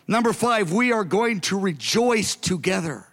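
Man, pastor, sermon, high voice, emphatic drawn-out quoted lines, long hall reverb. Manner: animated preaching, acting out the father's words slowly and emphatically.

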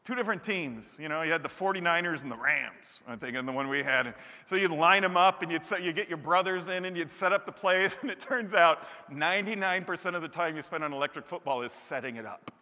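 A man preaching a sermon, animated, breaking into loud high-pitched bursts when he acts out what people say. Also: fast, hardly any pauses. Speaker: pastor. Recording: long hall reverb.

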